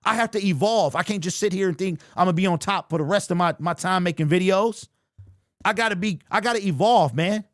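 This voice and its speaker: A man's voice: sits high, a little fast, dry recording, studio quality. A man hosts a sports livestream, answering viewer comments in a heated, repetitive way. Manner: animated, argumentative, repeats his points. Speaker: sports channel host. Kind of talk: livestream commentary reading super chats.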